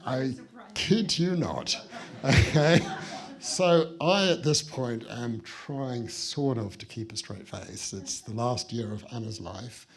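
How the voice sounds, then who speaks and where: A man's voice: medium pitch, takes it slowly, gravelly. A British man giving a guest speech at a museum exhibition opening, telling an anecdote with wry, dry understatement. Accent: British English. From Britain. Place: museum building, speaking to an audience.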